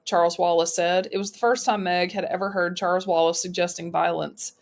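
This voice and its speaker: A woman's voice: fairly even intonation, a little fast. A woman reading a novel aloud as an audiobook, lifting her voice for the characters' lines. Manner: voices characters with raised pitch and volume. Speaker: audiobook reader.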